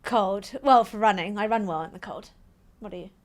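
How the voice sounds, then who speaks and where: A woman co-hosting a podcast, chatting and firing off quick questions. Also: mid-range voice. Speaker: podcast co-host. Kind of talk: casual podcast chat.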